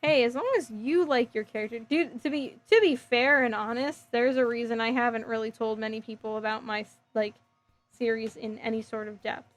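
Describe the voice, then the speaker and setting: A slightly high-voiced woman chats loosely with her stream audience while she works, her speech full of fillers and restarts. Her voice has a faint hoarse edge. Soft music plays quietly underneath. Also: fairly even intonation, normal speed. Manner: chatty, rambling, frequent fillers and self-corrections. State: voice getting hoarse. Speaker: livestream host building a model kit. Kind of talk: casual stream chat reading viewer comments.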